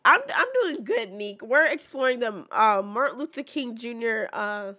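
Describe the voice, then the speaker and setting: A woman live-streaming a game, talking in a casual, chatty way and reading signs aloud with frequent restarts. Her voice sits fairly high and sounds bright, and her pitch moves around a lot. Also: expressive, moderate pace. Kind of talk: casual live-stream chat while playing.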